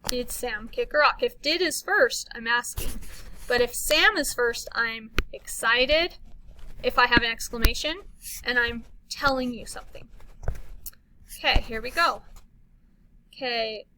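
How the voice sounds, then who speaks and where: Bright, high-voiced woman teacher. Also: slight background noise, low-quality recording. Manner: slow, clearly modeled reading with lively exclamations. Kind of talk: slow read-along phonics lesson.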